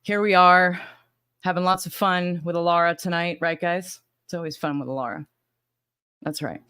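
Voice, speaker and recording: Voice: medium pitch, steady tone, moderate pace, pushed and bright, clean tone, no room sound, studio quality. A livestream host with a slight Southern US accent, chatting casually and rambling while greeting viewers by name. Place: home in Arizona.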